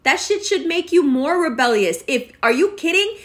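A woman's voice: sits high, animated, normal speed. A woman in her forties delivering a profane, exasperated rant that scolds her listeners. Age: 40s. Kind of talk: ranting monologue.

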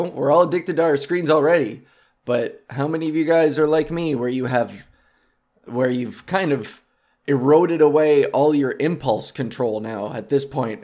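A man with a mid-range, slightly mellow voice hosts his own podcast solo, chatting casually. He rambles, acts on impulse, pokes fun at himself, and tries out goofy names.

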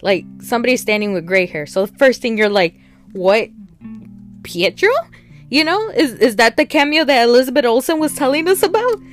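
A woman's voice: on the high side, expressive, quick pace, few pauses, soft background music. A woman casually recapping and reviewing a TV episode, rambling along and acting out the characters' lines. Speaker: TV show reviewer.

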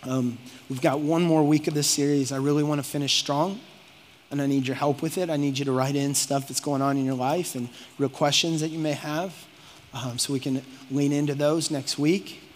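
A male pastor preaching a sermon, moving from calm teaching to fervent exhortation and voicing imagined conversations. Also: on the high side, moderate pace, a little hiss or hum. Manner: preaching with rising intensity, acts out quoted speech. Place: church auditorium. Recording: long reverb of a large hall.

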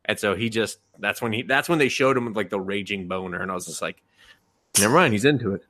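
Low-voiced man telling anime stories. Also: fast, no room sound, clean studio sound. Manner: animated storytelling, acts out quotes, profane. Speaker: podcast co-host. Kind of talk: casual chat.

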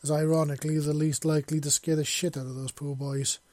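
Swaggering woman team leader, voiced by a male narrator: loud, bossy, low-toned. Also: flat delivery, fast talker, dry recording, close to an everyday voice. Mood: brash.

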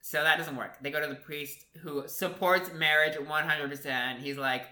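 Bright-voiced man recapping a movie. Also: fairly high pitch, normal speed. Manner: animated storyteller, laughs often, mimics characters. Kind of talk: casual movie recap chat. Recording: echoey room.

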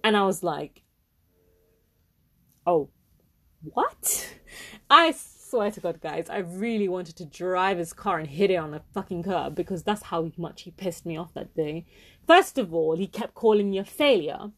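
A woman's voice: lowish voice, normal speed, a little mellow. Ranting young woman. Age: 20s. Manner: heated, swears often, repeats herself for emphasis. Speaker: podcast host. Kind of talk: angry personal rant.

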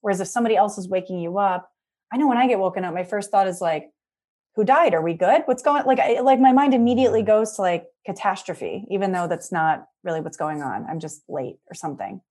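A woman guesting on a podcast as a sleep expert, chatty and animated, filling her speech with "like". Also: medium pitch, fast talker. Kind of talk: casual podcast chat.

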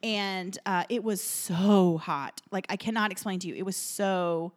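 Female podcast co-host, casual storyteller, emotional and animated, chatty with fillers, recorded at a home kitchen table. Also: mid-range voice, measured pace.

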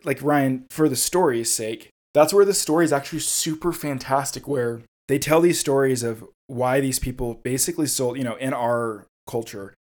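A man co-hosting a relaxed podcast about games. His voice sits at an ordinary middle pitch and climbs when he gets excited. He slows into a steady storytelling read when he reads a passage aloud. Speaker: podcast co-host. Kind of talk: casual chat about a video game.

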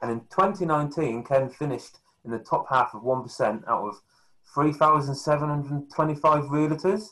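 A man's voice: on the high side, normal speed, a bit bright, low-quality recording. A man hosting a podcast interview, reading out his guest's introduction in a friendly way. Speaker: podcast host.

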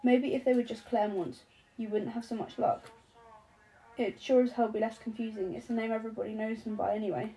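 A woman reading an audiobook, voicing a sharp-tongued middle-aged woman president who talks in clipped bursts and swears. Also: on the high side, steady tone, brisk, close to an everyday voice, low-quality recording. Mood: furious. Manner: shouting, clipped and cursing.

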